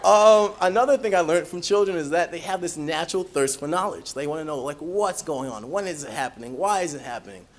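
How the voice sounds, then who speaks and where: A young man, a college student, telling humorous personal stories in an animated, self-mocking way. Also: on the high side, a little fast, few pauses. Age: young adult.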